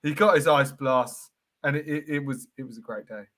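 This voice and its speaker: Bright-voiced man telling jokey stories. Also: mid-range voice, normal speed. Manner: jokey, animated storytelling. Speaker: co-host. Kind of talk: casual comedy chat.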